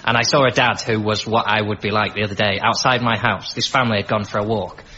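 A man on a comedy panel telling deadpan anecdotes. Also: fairly low pitch, fast talker, slight background noise. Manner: deadpan storytelling, acts out voices. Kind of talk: stand-up style anecdotes. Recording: dull broadcast audio, loud audience.

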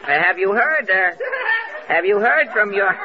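Wry quippy radio comedy host guy, lively pitch, muffled old broadcast with lots of hiss. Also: measured pace, over a noisy crowd. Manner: wry, dry quipping interviewer.

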